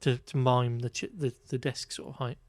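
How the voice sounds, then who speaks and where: A man talks through a film's scenes in casual podcast chat, wry and exasperated, and he stumbles over fillers as he goes. His voice sits at a middle pitch and is recorded close and dry, with no room sound. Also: little pitch movement, normal speed, no echo. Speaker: podcast co-host. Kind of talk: casual chat reviewing a film.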